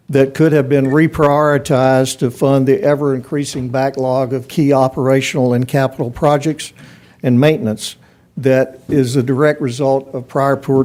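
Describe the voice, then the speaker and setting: A man at the podium of a county commission meeting, speaking in a firm, even mid-range voice. He argues his points methodically and critically, one example after another. The sound is a meeting chamber picked up by a podium mic. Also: medium pitch. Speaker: public commenter. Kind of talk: public comment at a budget hearing.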